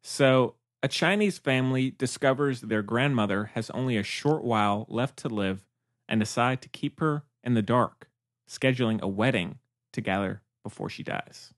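A man's voice: mid-range voice, normal speed. Easygoing young man on a film podcast. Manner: easygoing, hesitant, many fillers. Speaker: podcast co-host. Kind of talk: casual film review chat.

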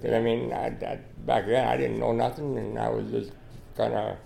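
A man's voice: mid-range voice, level tone, moderate pace, creaky, warm tone. An older man, a podcast guest, telling a long, rambling story in a folksy way. He restarts often and keeps saying "you know.". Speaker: podcast guest, dog trialer. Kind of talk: casual storytelling interview.

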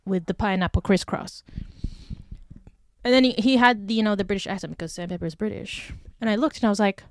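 A woman hosting a podcast on her own, telling stories in a casual chat with lots of "like" fillers and indignant, animated outbursts. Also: medium pitch, smooth, no room sound, studio quality. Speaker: podcast host.

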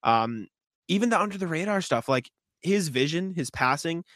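Bright-voiced man rambling about basketball. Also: fairly high pitch, expressive, no room sound, clean studio sound. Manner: rambling, quick restarts, frequent throat clearing. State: hiccups. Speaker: podcast co-host. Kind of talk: casual sports chat.

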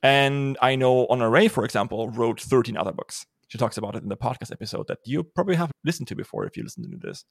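Laid-back joking podcast host, dry sound. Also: male voice, medium pitch, big pitch swings, quick pace, creaky, few pauses, dry recording. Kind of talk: casual podcast chat.

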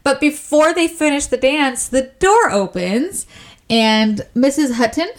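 A woman's voice: high-pitched, lively intonation, unhurried. A woman co-hosting a casual book podcast, eagerly retelling the plot and acting out the characters' lines. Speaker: podcast co-host.

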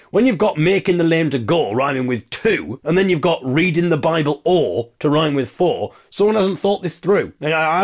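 A man hosting a podcast delivers a comic monologue in a tone of exasperated, wry ranting. His voice sits in a middling pitch. It swings widely as he argues his point. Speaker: podcast host.

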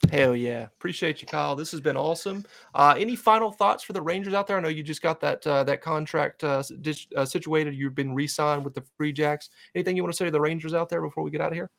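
A man's voice: a little high, fast talker, gravelly, hardly any pauses, fairly bright tone. A man hosting a fan podcast, upbeat, introducing upcoming guests and asking questions. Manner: upbeat, plugs upcoming episodes. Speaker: podcast host.

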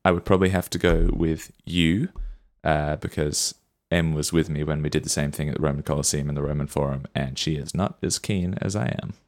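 Very deep-voiced man, playful podcast chat. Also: fairly even intonation, fairly quick, few pauses. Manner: playful, jokey asides. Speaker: podcast co-host. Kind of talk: casual chat.

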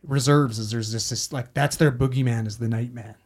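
A man's voice: medium pitch, fairly even intonation, brisk, slightly rough. A man, a paramedic telling a story in casual talk, rambling and swearing a lot. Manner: heavy swearing, rambling with fillers.

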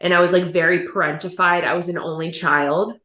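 A woman host talks openly and casually, laughing easily and swearing now and then. Her voice sits low for a woman. The room around her rings with echo. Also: fairly even intonation, brisk, fairly bright tone. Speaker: podcast host. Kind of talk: casual podcast conversation.

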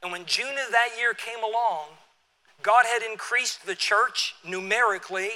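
A man in his sixties, a pastor, telling a personal story in a sermon with a relaxed, conversational manner and frequent restarts. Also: high-pitched, measured pace. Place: church sanctuary. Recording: long church hall reverb.

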